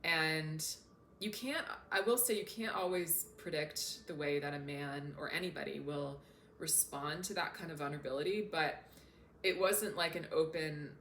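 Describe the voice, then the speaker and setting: A woman's voice: deep voice, moderate pace, a bit bright, a little hiss or hum. A woman self-development coach talking casually to camera in an earnest, openly emotional way. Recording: echoey room.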